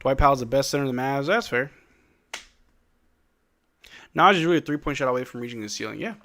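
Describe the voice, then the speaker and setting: A man with a medium-pitched, slightly bright voice hosts a live stream watch-along at a quick pace. Drowsy and yawning, he calls plays casually in a laid-back, slangy way and reads viewers' chat questions aloud.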